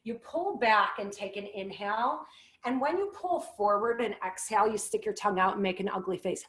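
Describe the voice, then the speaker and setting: Gentle woman leading a yoga class. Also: medium pitch, brisk. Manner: gentle, playful cueing with animal sounds. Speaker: yoga instructor. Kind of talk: guided yoga class instruction. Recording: echoey room.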